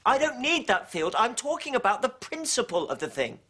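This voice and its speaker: A woman's voice: fairly high pitch, very animated, brisk, fairly bright tone. A woman playing a nervous, touchy young male landowner in a stage comedy, defensive and indignant. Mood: arguing. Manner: defensive, indignant, complains of ailments.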